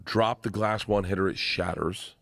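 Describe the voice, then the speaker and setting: A man, a comedian guest, telling a rambling, animated comic anecdote with plenty of swearing, played from a podcast clip. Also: sits low, normal speed, creaky, dry recording, clean studio sound. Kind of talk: comic storytelling.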